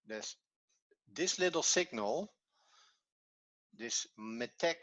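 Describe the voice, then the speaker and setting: A man explaining a Hebrew grammar point slowly and carefully, as if over a video call. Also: medium pitch, bright, forceful tone, slightly rough, no room sound, rough recording. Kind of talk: online language lesson.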